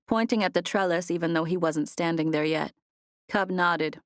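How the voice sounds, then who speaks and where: Woman with a low, even voice for a first-person audiobook; close, dry studio read. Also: fairly quick, no room sound. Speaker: audiobook narrator. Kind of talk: scripted first-person narration. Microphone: close studio mic.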